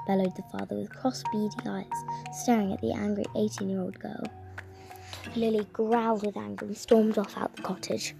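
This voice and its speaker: A woman's voice: medium pitch, little pitch movement, gravelly. Woman reading a story over music. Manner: halting, with frequent restarts.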